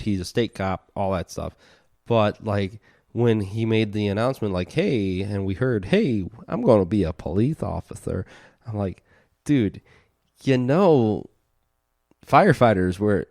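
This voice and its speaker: Male co-host, tipsy, low-pitched, crude joking storyteller, dry mic. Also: unhurried, darkish tone, no echo. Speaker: podcast co-host. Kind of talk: casual crude banter. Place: basement.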